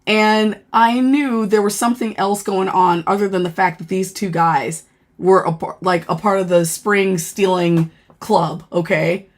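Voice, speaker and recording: A woman, a former corrections officer, casually telling a story on a livestream, animated and profane, with lots of fillers. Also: mid-range voice, unhurried. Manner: animated, profane, laughing and dramatizing; chatty with many fillers.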